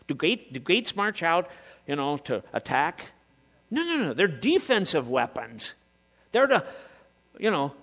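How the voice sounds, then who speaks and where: Male pastor, lively and animated sermon delivery, hall reverb, light hum. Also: fairly high pitch. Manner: impassioned, rising to shouts, rhetorical questions.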